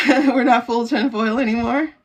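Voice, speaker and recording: A woman's voice: fairly high pitch, steady tone, a little slow. A woman hosting a casual livestream, talking in a chatty, rambling way with frequent laughter. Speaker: livestream host.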